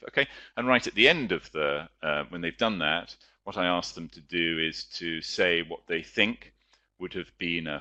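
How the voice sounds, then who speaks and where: A male teacher presenting a webinar lecture in a chatty, explanatory way, pausing often on fillers. His voice is low but bright and forceful.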